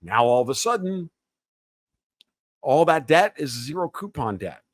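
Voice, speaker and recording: A man's voice: a little high, sing-song, a little slow, dry recording. A man talking as a podcast guest in a heated, opinionated rant, profane and sarcastic. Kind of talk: heated opinionated interview talk.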